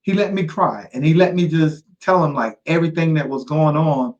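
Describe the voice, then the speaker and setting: Middle-aged male guest, earnest and repetitive for emphasis, higher-pitched, mildly dull recording. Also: normal speed. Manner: earnest, repeats key phrases, calls the listener "man". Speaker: guest, motivational speaker. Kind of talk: personal storytelling in conversation.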